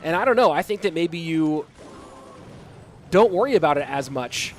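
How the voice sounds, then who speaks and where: A man casting live esports play-by-play, chatty and reading out viewer messages between plays, getting excited at big plays. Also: on the high side, normal speed, a little hiss or hum. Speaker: esports caster and stream host. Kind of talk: live play-by-play game commentary.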